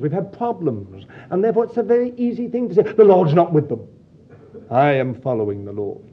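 A man's voice: a little high, dull audio. A man preaching a sermon in an earnest, pastoral way, calling his listeners dear children of God.

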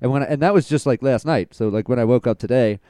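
A young man in a relaxed podcast chat, with a mellow, smooth and resonant voice recorded close and dry. He rambles through stories, fills them with "like", and answers his friend earnestly and kindly. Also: mid-range voice, fast talker, no room sound. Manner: rambling storyteller, earnest, reassuring, laughs easily. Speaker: podcast co-host. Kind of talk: casual chat.

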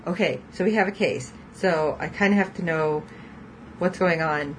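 A woman's voice: on the low side, normal speed, rough recording. Woman, podcast co-host, casual TV recap chat, chatty, laughs often, faint background noise.

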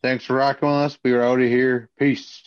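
Podcast host, man, laid-back sign-off voice, middle pitch, muffled lo-fi audio. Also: level tone, a little fast, smooth. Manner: laid-back, brief reactions, wraps up the show. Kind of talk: casual podcast chat.

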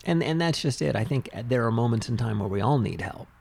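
A man co-hosting a casual chat, relaxed and agreeable, telling anecdotes. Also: mid-range voice, brisk, creaky, slightly rough. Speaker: podcast co-host.

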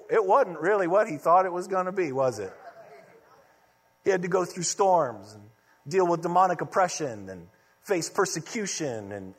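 A male pastor preaching a sermon in a conversational, storytelling way. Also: high voice. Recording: long reverb of a large hall.

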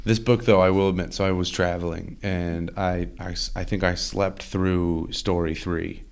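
A young man co-hosting a podcast, chatting in a relaxed, hesitant way with many fillers. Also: deep voice, moderate pace, gravelly. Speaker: podcast co-host. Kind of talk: casual chat.

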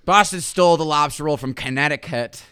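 A man's voice: a little high, brisk, pushed and bright, clear, resonant tone, no echo, clean studio sound. A man co-hosting a podcast in casual comedic chat, joking, rambling and sarcastic. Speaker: podcast co-host.

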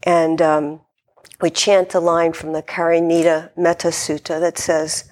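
A woman Zen teacher giving a dharma talk in a reflective, gently hesitant way. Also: low voice, little pitch movement, measured pace.

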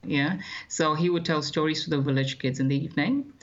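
A man, recounting his childhood as an interview guest in a measured, thoughtful way with frequent hesitations. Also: on the high side, fairly bright tone, dull audio. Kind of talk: reflective personal storytelling.

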